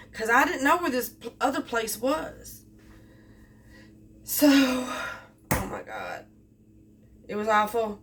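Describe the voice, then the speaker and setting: Her mid-range voice has a bit of brightness as this delivery driver tells a loose, repetitive story about work in a casual vlog. The recording comes from a distant mic, with faint noise behind her.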